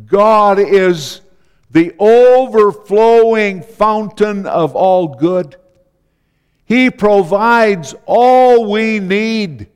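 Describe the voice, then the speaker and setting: Slow-preaching man in a reverberant church. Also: high-pitched, smooth. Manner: slow, deliberate preaching with repeated phrases. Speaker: pastor. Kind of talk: sermon.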